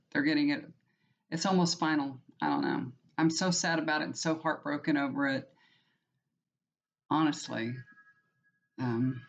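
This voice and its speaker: A woman's voice: deep voice, creaky. A woman, chatting to her viewers in a rambling, heartfelt way full of restarts. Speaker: tarot reader and channel host. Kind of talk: casual personal chat to viewers. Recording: muffled lo-fi recording.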